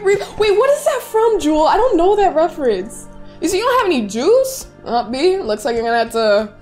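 Effusive young woman, high-pitched voice. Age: young adult. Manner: effusive and excitable, often laughing. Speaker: streamer reading viewer messages. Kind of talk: casual live-stream chat.

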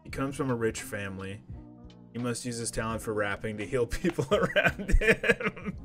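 A man's voice: mid-range voice, lively intonation, moderate pace, bright, forceful tone, faint music behind. Crude, joking male gamer. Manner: joking, profane, self-mocking. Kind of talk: crude gameplay commentary.

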